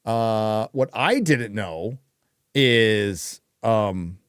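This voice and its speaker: A man's voice: on the low side, animated, drawn-out words, clear, resonant tone, dry recording, clean studio sound. A man hosting a casual livestream, ranting bluntly and profanely with frequent fillers while reading viewer donations.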